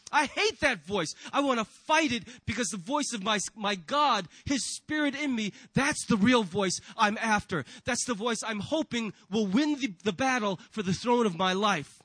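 High-voiced male pastor preaching. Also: lively intonation, normal speed, fairly bright tone, husky, no room sound, low-quality recording. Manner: rhetorical questions and acted-out inner voices. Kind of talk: sermon. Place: church.

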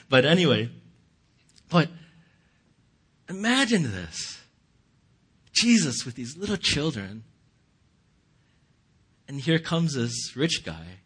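A man's voice: medium pitch, sing-song, unhurried, pauses often, a bit bright, slightly rough. A man giving a casual, conversational sermon, often chuckling and restarting his sentences. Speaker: pastor.

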